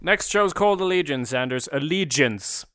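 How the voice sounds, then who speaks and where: A man's voice: a little high, lively intonation, moderate pace, fairly bright tone, dry recording, clean studio sound. A man co-hosting a casual podcast, sarcastic and ranting, swearing freely and mocking posh speech. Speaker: podcast co-host.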